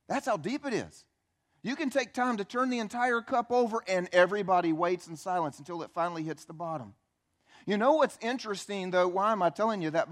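Pastor guy preaching, high voice, chatty, acts out little scenes and asks the crowd stuff. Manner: animated storytelling, acting out the quotes he tells; conversational, asks the audience questions. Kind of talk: sermon.

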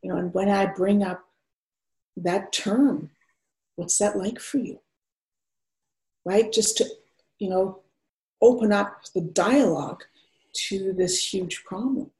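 A woman therapist speaks as a guest in a conversational interview. Her voice is mellow and warm at a middle pitch. She explains things gently and earnestly. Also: takes it slowly.

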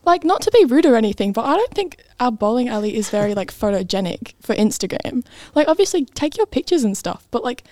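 A woman's voice: a little high, big pitch swings, quick pace, darkish tone, dry recording. A young woman, a bowling alley party host, telling a story in casual chat, full of "like" and acting out what people said. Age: young adult. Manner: chatty, lots of "like", acts out quoted voices.

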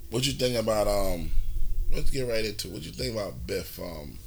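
A man co-hosting a podcast in casual chat, with excitable, slangy banter. He laughs readily and sometimes trails into mumbling. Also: fairly low pitch, fairly quick, vocal fry, a little hiss or hum. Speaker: podcast co-host.

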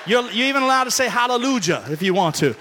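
Male pastor from Alabama, high and bright, bold preaching delivery, long church-hall reverb. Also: expressive, fast, slight background noise. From Alabama, USA. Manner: bold preaching, swings from shouting to quiet asides. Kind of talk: sermon.

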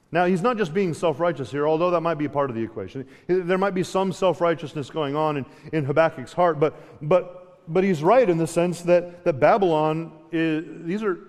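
A man's voice: fairly high pitch, normal speed, a little mellow, in a large hall. A man preaching a sermon in a conversational way, restarting phrases often and acting out dialogue. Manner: conversational, with frequent restarts and dramatic paraphrase. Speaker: pastor.

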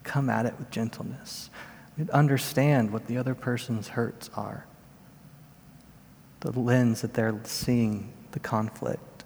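A man in his thirties delivering a sermon as a pastor, in an earnest, measured storytelling manner. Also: mid-range voice, fairly even intonation, creaky, a little mellow, slight background noise. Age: 30s. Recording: long reverb of a large hall.

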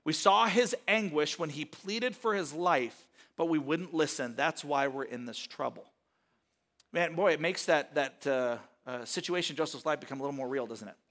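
A man's voice: sits high, fairly bright tone. A man preaching a sermon, retelling scripture in a casual, conversational way and briefly voicing the characters. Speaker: pastor.

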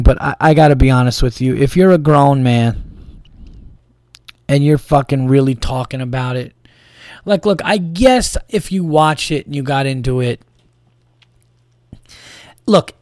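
A man's voice: mid-range voice, a little mellow, no echo, clean studio sound. A man hosting a podcast in a casual comedic monologue, rambling and profane with lots of restarts. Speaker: podcast host.

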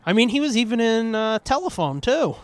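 A man's voice: extremely high pitch, sing-song, brisk, dry recording. A man co-hosting a podcast, swearing constantly and joking crudely in casual banter. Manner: profane, joking, puts on voices. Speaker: podcast co-host.

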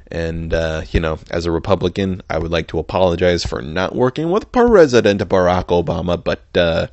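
A man's voice: low voice, big pitch swings, moderate pace, no echo. A man hosting a casual solo podcast, reading headlines aloud and reacting with sarcastic, profane asides and mumbled comments. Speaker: podcast host.

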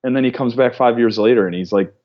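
A man as a podcast guest, talking casually in a relaxed way and laughing often. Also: mid-range voice, fast. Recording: dull lo-fi mic.

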